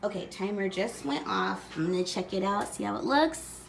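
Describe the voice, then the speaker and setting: A young woman vlogging as she bakes at home in her kitchen, chatty and excitable, and she laughs often. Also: mid-range voice, moderate pace, gravelly, very noisy. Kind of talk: casual home baking vlog.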